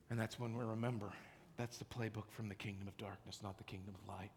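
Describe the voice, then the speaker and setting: A man preaching a sermon as pastor, swinging between loud cries and hushed whispers in short repeated phrases. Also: on the low side, fairly even intonation, fast, husky. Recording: long hall reverb.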